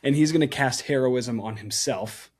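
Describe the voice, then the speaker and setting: A man with a mid-range voice plays a tabletop horror game. He narrates his character's actions with animated, joking energy and talks through his turn aloud. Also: medium pitch, moderate pace. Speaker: player.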